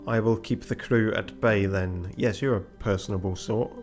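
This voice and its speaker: A man voicing a calm, measured male ship officer who speaks slowly and softly. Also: lowish voice, faint music behind, lightly acted.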